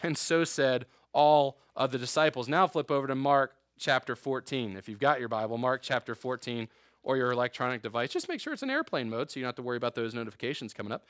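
A man's voice: mid-range voice, animated, fast, a bit bright, no room sound, clean studio sound. A man preaching an informal sermon to a youth group in a room, reading scripture aloud with joking asides. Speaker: youth pastor.

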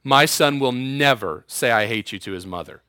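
Animated joking young male preacher. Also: mid-range voice, normal speed, dry recording, clean studio sound. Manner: animated, joking, sarcastic, acts out quotes. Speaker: youth pastor. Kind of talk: sermon.

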